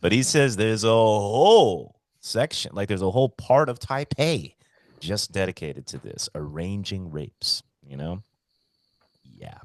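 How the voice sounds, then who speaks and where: A man's voice: measured pace, no room sound, studio quality. A man co-hosting a casual podcast, telling stories with lots of swearing and acting out quotes. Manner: animated, swears a lot, acts out quotes in a high voice. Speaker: podcast co-host. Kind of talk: casual chat, storytelling. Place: Hawaii.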